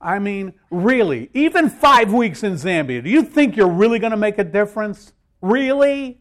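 A man's voice: sits high, very animated, normal speed, a bit bright. A man preaching a sermon, emphatic and repeating key phrases, joking with his listeners. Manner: repetitive, emphatic, jokes with audience.

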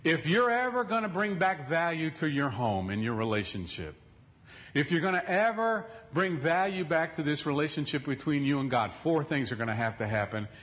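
A man preaching a sermon as a pastor, telling a folksy story and slowing down for emphasis. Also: a little high, very animated, fairly bright tone, lo-fi sound.

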